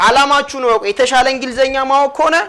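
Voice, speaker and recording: A bright, high-voiced woman with an Ethiopian accent runs an English lesson. She keeps drilling short phrases and moving between English and Amharic. She coaxes her learners again and again to answer and repeat after her. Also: fairly even intonation, rapid-fire. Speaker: English teacher. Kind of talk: classroom language lesson.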